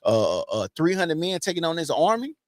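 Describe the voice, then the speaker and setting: A man's voice: a little high, sing-song, normal speed, no echo, clean studio sound. A man hosting a casual podcast, talking loosely and profanely and laughing often. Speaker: podcast host.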